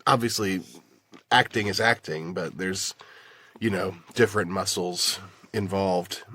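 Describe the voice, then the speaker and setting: A man voice actor in casual podcast chat, relaxed and measured, telling wry anecdotes. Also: low voice, no echo.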